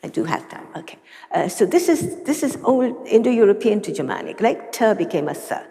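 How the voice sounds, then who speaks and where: A woman's voice: medium pitch, sing-song, fairly quick, warm tone. A woman giving an academic lecture with dry humor and casual asides in a large lecture hall. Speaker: conference lecturer. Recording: long reverb of a lecture hall.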